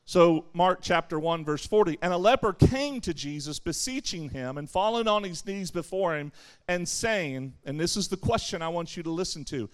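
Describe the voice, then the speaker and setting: Man, high voice, youth camp sermon, lively, acts out voices, asks and answers questions. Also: normal speed, clear, resonant tone. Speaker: camp speaker.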